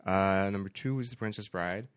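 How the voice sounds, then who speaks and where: A man with a fairly low voice talks in a loose, chatty way, laughing as he goes and letting sentences trail off. The sound is dry and close, with no room behind him. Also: normal speed, smooth, dry recording. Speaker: podcast co-host. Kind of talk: casual chat among friends.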